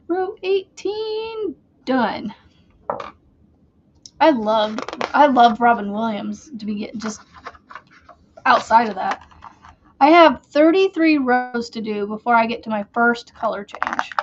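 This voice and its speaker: A woman's voice: a little high, muffled recording, slight background noise. A woman hosting a crochet channel, chatting casually and rambling while she works. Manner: slow, rambling, chatty with fillers.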